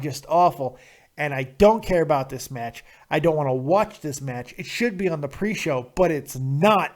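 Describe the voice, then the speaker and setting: A man from Nevada, USA, with a slightly mellow voice on the high side, hosts a call-in wrestling show. His commentary on the matches is profane, crude and sarcastic ranting.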